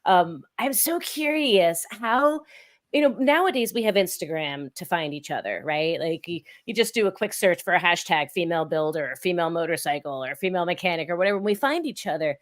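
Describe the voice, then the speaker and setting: A woman's voice: lowish voice, expressive, brisk. A woman hosting a casual interview, asking eager, admiring questions with many "like" and "um" fillers. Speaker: host.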